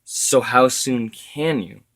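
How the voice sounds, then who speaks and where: A man voicing a grieving grandfather, an older man whose strained talk breaks into anguished shouts. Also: mid-range voice, slow, pitched above the performer's own voice. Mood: weary.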